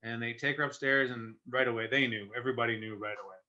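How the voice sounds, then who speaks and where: A middle-aged man, telling a personal story as a guest in earnest, halting conversation with restarts. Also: medium pitch, fairly even intonation, pushed and bright. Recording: muffled lo-fi sound.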